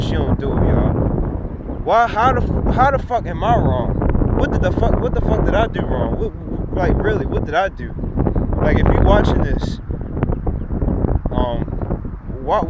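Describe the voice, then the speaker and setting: A young man rants to the camera in a rambling, repetitive way, swearing freely. His voice sits a little high for a man. He records outdoors by a busy road, with clear traffic and wind noise behind him. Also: sing-song, normal speed, dull audio. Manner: rambling, repetitive, frequent profanity. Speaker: vlogger. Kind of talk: casual rant to camera. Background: traffic and trucks.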